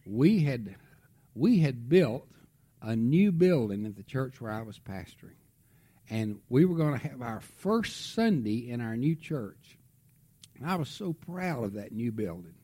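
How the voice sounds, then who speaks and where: A middle-aged man preaching, telling a family story with lively swings from loud outbursts to hushed tones. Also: medium pitch, unhurried, husky. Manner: animated storytelling, drops to a hush for tender moments. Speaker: pastor. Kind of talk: sermon storytelling.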